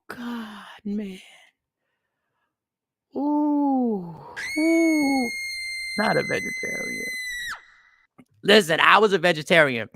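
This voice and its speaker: A man hosting a podcast, telling rambling stories in a loose, animated comedic monologue. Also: fairly high pitch, creaky, no room sound, studio quality. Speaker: podcast host.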